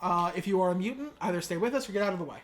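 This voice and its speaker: A woman voicing a menacing male mutant villain leader, giving a flat, deadpan speech in a casual podcast recap. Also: lowish voice, racing, voice pushed down, lightly acted. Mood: threatening.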